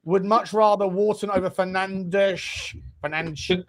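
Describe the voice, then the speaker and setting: A man's voice: high-pitched, fairly even intonation, takes it slowly, a little hiss or hum. A man hosting a casual fan show, chatting and reading out viewer messages. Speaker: host. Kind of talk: casual fan podcast chat.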